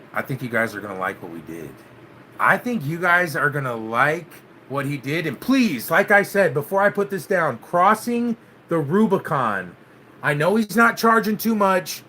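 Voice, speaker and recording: Casual male host, laid-back and profane, bright tense tone, light background hiss. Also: on the high side. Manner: laid-back, swears, keeps saying "man". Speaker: channel host. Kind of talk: casual vlog chat with live viewers.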